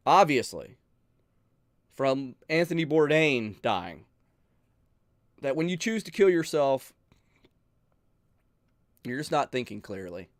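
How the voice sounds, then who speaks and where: A man hosting a channel, talking earnestly and emotionally to his viewers, pleading with them, sighing and pausing as he speaks. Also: on the high side, no room sound, studio quality. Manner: emotional, pleading, with sighs and pauses. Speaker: channel host. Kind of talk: earnest heartfelt talk to viewers.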